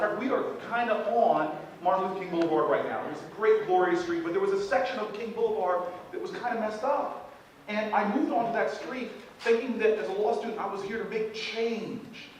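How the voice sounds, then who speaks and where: Man, 40s, motivational speech, animated, jokes with crowd, far from mic, faint background hum. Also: high-pitched, quick pace. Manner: animated, joking with the audience. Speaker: keynote speaker at a leadership event. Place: large event hall. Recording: echoey hall from far off.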